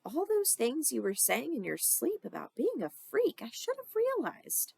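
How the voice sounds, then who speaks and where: A woman reading the part of a brisk, fussy mother in a storybook. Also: sits high, wildly swooping pitch, vocal fry, a little mellow, breathy edge, no echo, pitched above the performer's own voice, exaggerated voice. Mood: gentle. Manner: brisk and scolding.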